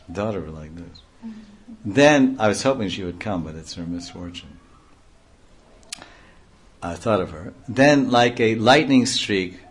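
A man's voice: lowish voice, slightly rough. Man reading devotional text with asides. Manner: reads aloud, breaking off into offhand comments. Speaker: reader and speaker.

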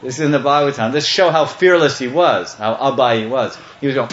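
A man giving a devotional storytelling sermon, animated and playful, breaking into chants and acting out parts. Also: mid-range voice, a little fast, hardly any pauses, background noise. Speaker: devotional speaker. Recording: echoey, slightly muffled room.

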